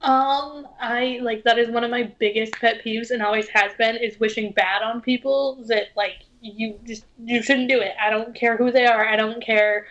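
A woman's voice: on the high side, steady tone, normal speed, few pauses, fairly bright tone. Earnest hesitant woman, slightly dull sound. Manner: earnest, hesitant, many fillers. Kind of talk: casual podcast chat.

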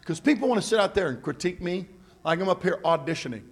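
A middle-aged man preaching a sermon in a church, mixing jokey conversational asides with shouted, rising calls to the congregation. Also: high voice, lively intonation, quick pace. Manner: preaching with call-and-response, building to shouts. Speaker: pastor. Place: church sanctuary.

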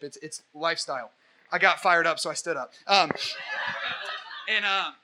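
A young man giving an impassioned question-and-answer talk as a Catholic evangelist, rambling through energetic, preachy stories. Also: high-pitched.

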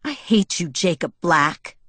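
A woman reading the lines of a furious teenage girl in an audiobook, with sharp, angry retorts. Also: fairly low pitch, lively intonation, measured pace, dry recording. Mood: cold. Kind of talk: audiobook dialogue.

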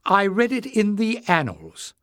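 A man's voice: high voice, big pitch swings, measured pace, fairly bright tone, clear, resonant tone, dry recording, voice pushed up, heavily acted. A man playing a stubborn young heroine from a fantasy storybook, urgent and emphatic, her voice raised well above his own. The sound is dry and close.

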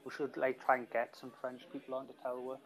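A man's voice: medium pitch, monotone, fast talker, rough recording. Man with a Geordie accent. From Newcastle, England. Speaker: podcast co-host. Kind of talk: casual chat.

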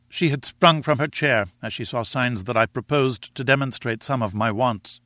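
Man, audiobook narrator, measured, reflective, mid pitch, dry sound. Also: a bit bright, dry recording. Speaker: audiobook reader. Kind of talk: scripted narration.

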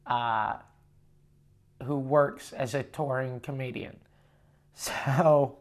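A man's voice: medium pitch, takes it slowly, pauses often. A man, a touring comedian, telling a story casually on his podcast, cursing freely and acting out both sides of the dialogue. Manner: profane, animated retelling with quoted dialogue.

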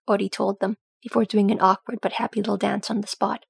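A woman narrating a storybook calmly, her voice gravelly with a husky grain. The recording is dry and close, with no room sound at all. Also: mid-range voice, quick pace, few pauses, no echo. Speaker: audiobook reader.

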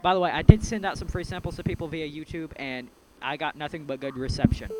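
A man hosting a laid-back podcast in a slightly high voice. He rambles and hesitates, filling gaps with ums as he goes. A clear electrical hum runs under the recording. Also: fast. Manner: rambling, hesitant, many fillers. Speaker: podcast host. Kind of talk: casual podcast chat. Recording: steady mains hum behind the voice.

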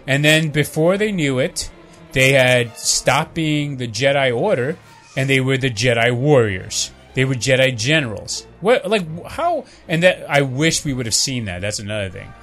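Animated, swearing man in casual chat. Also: on the high side. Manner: animated, swearing, acts out quoted lines.

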